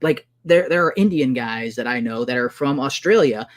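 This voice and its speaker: A man in a heated online debate, talking fast over the other man with exasperated outbursts and insults. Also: mid-range voice, lively intonation. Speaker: debater defending the trailer.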